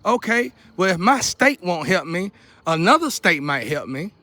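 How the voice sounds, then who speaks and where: Man, high-pitched, talking straight to camera outdoors. Preachy, repetitive delivery that keeps building to an urgent outcry. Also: very animated, normal speed, pushed and bright, dry recording. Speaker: vlogger. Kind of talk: impassioned monologue to camera. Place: outdoors near a porch.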